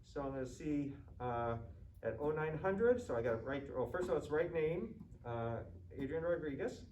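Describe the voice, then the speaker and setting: A man's voice: on the high side, animated, moderate pace, a little mellow, recorded from a distance. A male nursing student methodically talking himself through a practice medication round, step by step. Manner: methodical, thinking aloud step by step. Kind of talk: narrated skills demonstration. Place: simulated hospital ward with med cart. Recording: roomy, off-mic, faint background noise.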